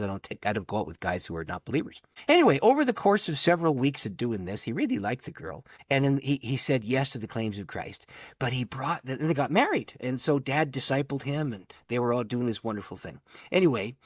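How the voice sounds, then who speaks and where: A man's voice: mid-range voice, no room sound, clean studio sound. A middle-aged man, a pastor, telling a personal story in conversation, acting out the voices in his quotes. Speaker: pastor and author, podcast guest.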